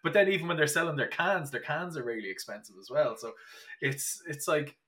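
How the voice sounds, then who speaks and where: Young irish guy chatting on a podcast, bright forceful voice, keeps restarting his sentences, lots of "like". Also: on the high side, expressive, fairly quick. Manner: chatty storyteller, many restarts and fillers. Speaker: podcast guest. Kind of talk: casual podcast chat.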